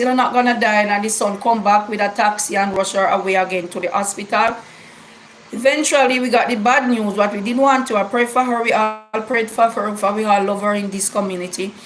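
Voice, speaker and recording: A woman's voice: a little high, fairly bright tone, a little hiss or hum, rough recording. A middle-aged woman with a Jamaican accent, telling her viewers a long personal story in a casual, emphatic way, repeating words for stress. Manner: repetitive, emphatic storytelling with Jamaican English grammar. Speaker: YouTube vlogger.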